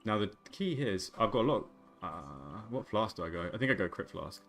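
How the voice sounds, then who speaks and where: A man's voice: fairly low pitch, lively intonation, fairly quick, a bit bright, soft background music. A man in his twenties streaming a game, chatting casually and joking and rambling with his viewers. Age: 20s. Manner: joking, rambling banter with chat. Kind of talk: casual live-stream chat.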